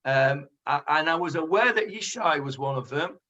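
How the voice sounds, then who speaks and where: A man, a rabbi leading a Bible study class, thinking aloud with many pauses and fillers as he answers his students. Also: on the high side, lively intonation, bright, forceful tone. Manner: thoughtful, hesitant with many fillers. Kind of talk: teaching and discussing with students. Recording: lo-fi recording.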